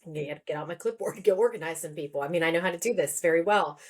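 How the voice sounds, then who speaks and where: A woman in her forties with a slightly low voice tells her story as a podcast guest. She talks in a relaxed, chatty way. She slips into quoted voices as she goes. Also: racing, breathy edge. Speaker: guest, therapist and author. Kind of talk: conversational podcast interview.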